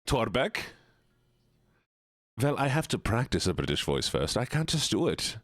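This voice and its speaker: A man's voice: medium pitch, very animated, a little slow, fairly bright tone, no room sound, studio quality. A man streaming live, chatting casually and teasingly with his viewers. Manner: playful, teasing, talks straight to chat.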